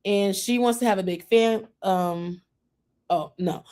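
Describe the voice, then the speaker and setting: A woman's voice: medium pitch, a little slow, mellow. Chatty woman hosting a TV recap. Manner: chatty and opinionated, acts out quotes from the show. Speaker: host. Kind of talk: casual TV recap chat.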